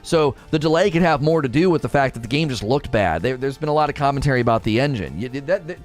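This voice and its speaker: A man co-hosting a casual gaming chat, ranting in an animated, emphatic way. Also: medium pitch, fast talker, soft background music. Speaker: podcast co-host.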